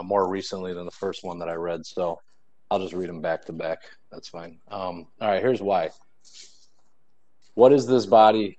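A man's voice: low voice, mellow, lo-fi sound. A young man reading his own rhyming poems aloud at an online poetry event over a video call. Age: young adult. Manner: measured rhyming recitation. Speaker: student poet.

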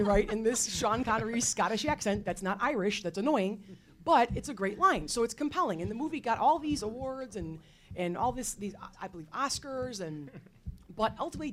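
A woman history teacher speaking on a faculty panel, telling her points in a lively, expressive way with casual fillers. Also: fairly high pitch. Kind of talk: panel talk.

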